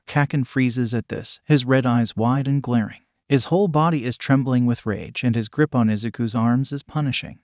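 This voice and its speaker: A man narrating fan fiction in a steady, plain reading voice. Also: medium pitch, dry recording, clean studio sound. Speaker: fanfic narrator.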